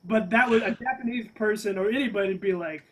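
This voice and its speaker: A man with an unusually high voice, talking as a guest on a casual podcast. He is candid and loose, swearing offhandedly and laughing as he swaps anecdotes. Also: fast, a little hiss or hum, poor audio. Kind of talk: casual chat.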